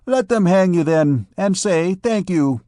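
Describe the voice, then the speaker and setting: A man's voice: high-pitched, animated, a little slow, mellow, dry recording, clean studio sound, pitched above the performer's own voice. A man voicing a coarse, blunt vagabond woman who fires curt, scornful questions.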